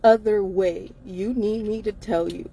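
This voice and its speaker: A tired woman with a mid-range, creaky, dark voice and a breathy edge speaks a little slowly with fairly even intonation. Co-hosting a casual live-stream chat show, she's emphatic and repetitive, laughing often and swearing freely.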